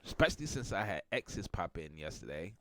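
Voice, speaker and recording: A man's voice: sits low, sing-song, a little fast, bright, forceful tone, a little hiss or hum. A middle-aged man with a stuffy nose from a cold, hosting a casual morning talk show in a playful, teasing way. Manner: playful, teasing, laughs a lot. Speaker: podcast host.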